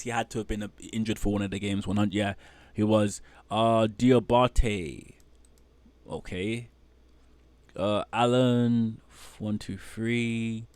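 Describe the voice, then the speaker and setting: A man's voice: medium pitch, no echo. Guy going over his fantasy league, rambly, dry close mic sound. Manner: animated, rambling, trails off into muttering. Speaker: fantasy basketball league host. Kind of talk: casual solo commentary.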